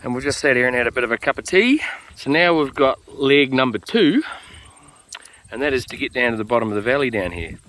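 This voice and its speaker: A man talking to camera during a mountain hunt, relaxed and chatty, with plenty of ums and uhs, recorded outdoors on a steep slope. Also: mid-range voice, a little fast, rough recording. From Australia. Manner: relaxed, chatty, lots of filler words. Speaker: hunter filming a hunt. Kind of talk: casual on-camera hunting vlog.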